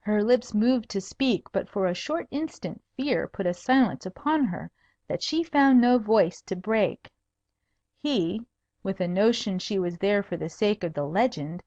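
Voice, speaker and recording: Female audiobook narrator, measured storybook reading, dry muffled sound. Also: medium pitch, warm tone, dry recording. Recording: dull dry recording.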